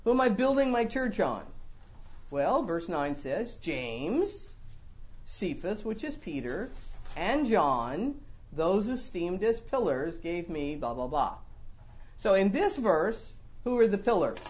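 A woman teaching a Bible lesson to a congregation in a conversational, lively way, often repeating words as she explains. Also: medium pitch, slow. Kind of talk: sermon-style Bible teaching.

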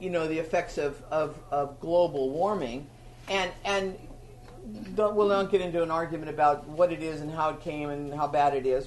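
Preacher whose chatty sermon builds to sudden emphatic outbursts. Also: medium pitch. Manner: conversational teaching, with sudden loud emphasis on repeated words.

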